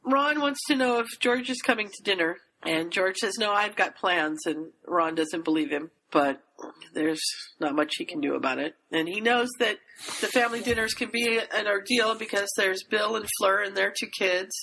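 A woman's voice: medium pitch, moderate pace, creaky, bright, forceful tone, slight background noise, rough recording. A woman hosting a casual chat podcast, chattily retelling a story and steering the discussion. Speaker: podcast host.

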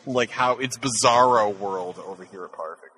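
A man's voice: on the low side, moderate pace, bright, forceful tone, breathy edge, low-quality recording. A young man hosting a podcast, chatting casually in a joking, self-deprecating way. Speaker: podcast host.

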